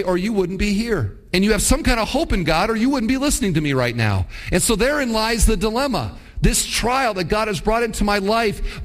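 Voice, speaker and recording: A man preaching a sermon as pastor, talking conversationally and putting rhetorical questions to his congregation. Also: sits high.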